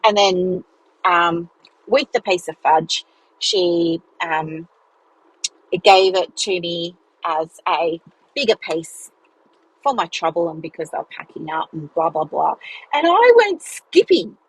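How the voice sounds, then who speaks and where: A woman hosts her podcast in a chatty, animated storytelling style. Her voice leaps high whenever she acts out what someone said, and it has a slightly husky, breathy edge. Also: slow pace, low-quality recording. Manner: animated, chatty, acts out dialogue with big pitch jumps. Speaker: business mentor and podcast host. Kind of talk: casual storytelling monologue.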